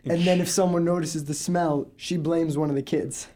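A young man with a somewhat high voice joking around on a podcast. He swears freely and tells crude stories in an easy, casual way. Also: steady tone, normal speed, dark tone. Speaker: podcast co-host. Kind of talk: casual chat.

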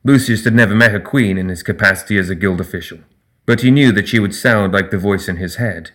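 A man narrates a fantasy novel in an audiobook. His fairly low voice stays steady and even as he tells the story. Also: fast talker.

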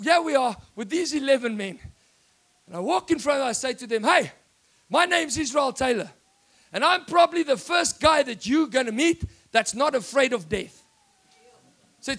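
A South African man preaching a sermon with a very high voice. He gets excited and often shouts, telling a story to his congregation.

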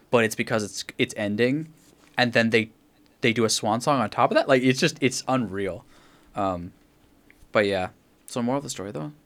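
A man's voice: on the low side, a bit bright. A man chatting casually about video games, rambling and swearing as he acts out quotes from friends. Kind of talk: casual gaming chat.

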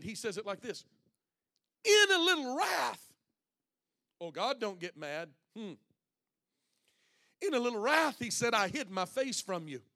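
A man preaching a sermon to his congregation, reading scripture aloud and calling out to the listeners, swinging between loud passages and hushed ones. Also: high voice. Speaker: pastor.

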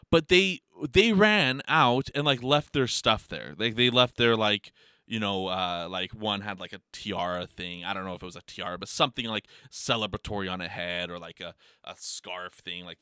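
Man, lowish voice, very lively pitch, casual profane rambling talk. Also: clean tone, no room sound, clean studio sound. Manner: profane, heavy filler words, rambling; animated storytelling with laughs.

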